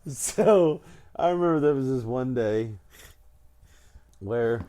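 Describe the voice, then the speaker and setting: Podcast co-host, male, mellow voice, laughs often, lively pitch, stumbles through anecdotes. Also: takes it slowly. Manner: laughs often, stammering, tired. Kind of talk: casual storytelling chat.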